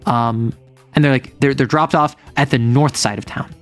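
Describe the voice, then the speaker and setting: A man's voice: medium pitch, fairly even intonation, normal speed, soft background music. Chatty man recapping his tabletop game. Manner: rambling, full of "like" and restarts. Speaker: game master. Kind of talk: casual chat recapping a tabletop campaign.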